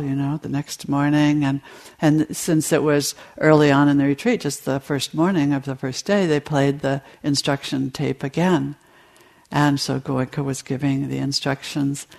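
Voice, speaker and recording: A woman meditation teacher giving a dharma talk to retreat participants, in a slow, storytelling delivery. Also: low-pitched, gravelly, a little mellow.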